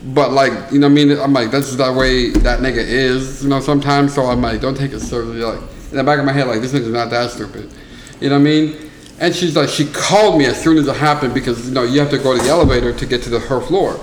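A young man on a casual podcast, telling a story in an animated way with lots of crude slang. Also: mid-range voice, fast. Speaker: podcast co-host. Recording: echoey room with faint noise.

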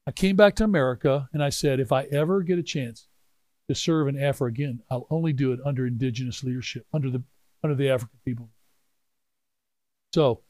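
A man in his sixties telling a personal story in a sermon, swinging from hushed asides to loud exclaiming. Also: mid-range voice, no room sound. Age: 60s. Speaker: pastor.

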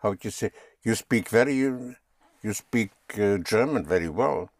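A man's voice: on the low side, animated, moderate pace, no room sound. A man teaching German, patiently spelling words out and having learners repeat them. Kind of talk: slow language lesson.

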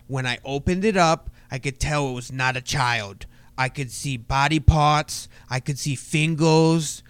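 A man's voice: mid-range voice, measured pace, a bit bright, smooth, no echo, lightly acted. A man doing a grown detective who talks like a toddler. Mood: earnest. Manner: childish lisping voice, can't pronounce R's. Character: grown male detective talking like a small child. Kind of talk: comic impression.

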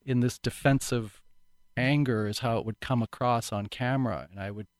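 A man's voice: medium pitch, normal speed, no echo. A middle-aged man who is an actor, telling his life story candidly in an interview, reflective and earnest with frequent restarts.

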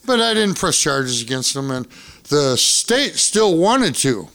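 A man's voice: a little high, very animated, measured pace, vocal fry, a bit bright. A man telling a wild story in casual, profane podcast chat.

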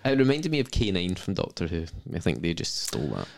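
Low-voiced man tossing in dry quips. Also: wildly swooping pitch, vocal fry. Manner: chips in with quick dry quips. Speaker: podcast co-host. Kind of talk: casual film chat.

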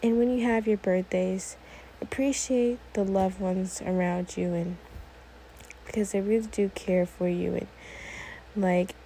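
A woman's voice: medium pitch, fairly even intonation, measured pace, warm tone, slight background noise, low-quality recording. An eighteen-year-old woman hosting her own podcast, talking alone in a rambling, easily sidetracked way, full of "like"s. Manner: rambling, often sidetracked, many "like"s. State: a little emotional, teary. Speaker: podcast host. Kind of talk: casual solo podcast monologue.

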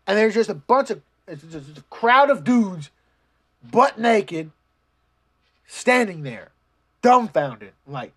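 A casual vlogger rambling through anime recaps, swearing freely, restarting sentences and getting animated when retelling scenes. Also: medium pitch, takes it slowly, pauses often, husky. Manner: profane, rambling, many restarts.

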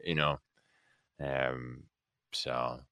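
Low-voiced American guest with a Scottish lilt, animated, dry close mic. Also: male voice, extremely slow, clear, resonant tone, no echo. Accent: American with Scottish touches. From USA. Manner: animated storyteller, lots of fillers. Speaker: guest actor. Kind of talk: casual podcast chat. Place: living in Scotland.

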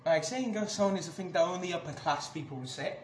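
High-voiced man ranting angrily on a podcast. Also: brisk. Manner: angry, swears a lot, many restarts. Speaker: podcast host. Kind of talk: casual ranting monologue. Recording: echoey room with clear background noise.

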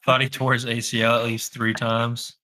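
A man joins a podcast as a guest, keeping things laid-back with quick, dry quips. His voice has a bright, sharp edge and sits at an ordinary pitch for a man. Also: level tone, rough recording. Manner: laid-back, short dry one-liners. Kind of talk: casual podcast chat.

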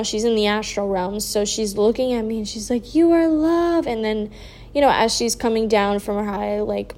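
A young woman casually telling a personal story on her vlog, sleepy and yawning, her speech slow and drawn out and full of "like" and soft trailing asides. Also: medium pitch. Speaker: vlogger sharing a personal story.

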